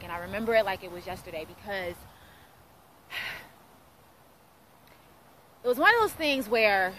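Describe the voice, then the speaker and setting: Woman in her 30s, radio host, bright clear voice, earnest testimony, faint hiss behind. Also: medium pitch, rough recording. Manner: earnest storytelling, acting out quoted dialogue. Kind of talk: personal testimony.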